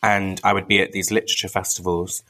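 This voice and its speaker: A man with a Bristolian accent chats as a podcast guest, animated and full of fillers. His voice is fairly low yet bright and sharp in tone. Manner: animated, lots of "like" and quick laughs. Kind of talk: casual chat.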